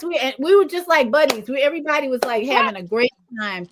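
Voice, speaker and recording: A woman hosting a casual livestream talk show, animated, acting out greetings she gives strangers. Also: fast, few pauses, low-quality recording. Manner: animated, acts out greetings in a lively higher voice.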